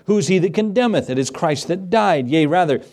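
A man preaching a sermon as pastor, slowing down and rising in pitch for emphasis, then dropping low and quiet for asides. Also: expressive.

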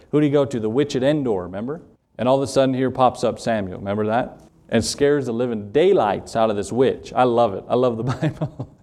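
A man's voice: medium pitch, a little mellow. A man preaching a sermon as pastor, stressing words and acting out short quoted prayers. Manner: preaching with rising emphasis and acted-out quotes.

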